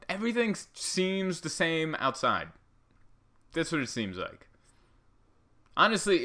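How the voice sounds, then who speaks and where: A man talks on his own podcast, rambling from one sarcastic tangent to the next and poking fun at himself. His voice sits a little low but has a bright, forceful edge. It sounds like a casual home recording made in a living room. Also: clear, resonant tone. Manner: rambling, sarcastic, self-deprecating. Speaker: podcast host. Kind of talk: casual comedic monologue.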